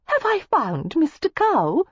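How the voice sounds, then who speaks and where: A woman doing a shrill, giggly young society lady. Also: big pitch swings, slow pace, no room sound, dull audio, full character voice. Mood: giggly coy. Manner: shrill, trilling and coy. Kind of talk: audiobook character voice.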